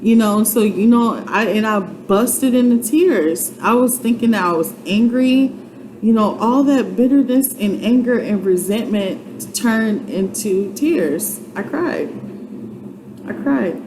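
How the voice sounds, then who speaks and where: A woman's voice: fairly high pitch, a little slow, darkish tone, rough recording. A woman giving a casual, heartfelt testimony, chatty and earnest, often repeating herself and using many fillers. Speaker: vlogger sharing a personal testimony. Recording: clear background noise.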